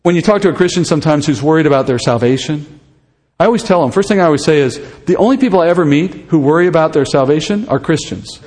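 A man's voice: fairly high pitch, lively intonation, fast, darkish tone, in a large hall. A man preaching an expository sermon, speaking conversationally and putting questions to his listeners. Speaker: pastor.

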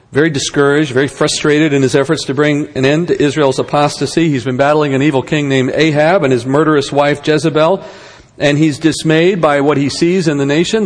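A man's voice: fairly high pitch, big-room sound. A man giving a conversational Bible lesson, with rhetorical questions and wry asides. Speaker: Bible teacher.

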